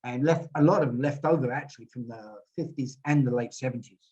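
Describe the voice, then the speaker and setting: A man's voice: mid-range voice, fairly quick, a little mellow, breathy edge. Guy in his 60s rambling through old stories, kinda muffled lo-fi audio. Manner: rambling anecdotal storyteller, repeats words. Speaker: guest musician. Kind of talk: storytelling interview. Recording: dull lo-fi audio.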